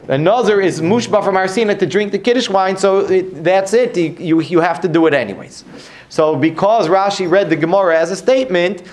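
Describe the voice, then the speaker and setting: A man teaches a Talmud lesson in a slightly raised voice. He works through the argument out loud, restarting phrases and posing rhetorical questions. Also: fairly high pitch. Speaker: Torah teacher.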